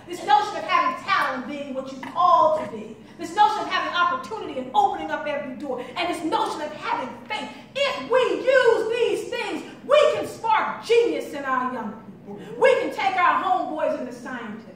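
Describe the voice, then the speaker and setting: Woman keynote speaker, high-voiced and impassioned, recorded off-mic in a roomy hall. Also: lively intonation, fairly quick, fairly bright tone, slight background noise. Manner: storytelling, rising and falling intensity. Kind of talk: impassioned conference speech. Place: conference hall. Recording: echoey hall from far off.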